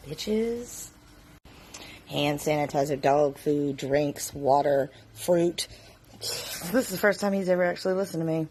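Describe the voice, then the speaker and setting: A woman's voice: fairly low pitch, measured pace, a little mellow, slight background noise. A woman in her forties telling a long personal story to a phone camera in a blunt, swear-heavy way. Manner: profane, emphatic and blunt. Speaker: TikTok storyteller.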